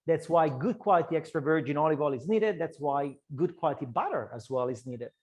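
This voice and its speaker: A man's voice: on the high side, expressive, fairly quick, darkish tone. A man with an Italian accent, a chef chatting his way through an online cooking class, loose and talkative with frequent restarts. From Italy. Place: kitchen.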